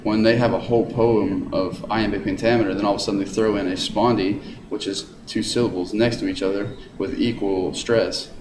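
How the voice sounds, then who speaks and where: Male teacher, lowish voice, encouraging review lesson, chants syllables aloud, echoey room with audible hiss. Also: fairly even intonation, brisk, hardly any pauses.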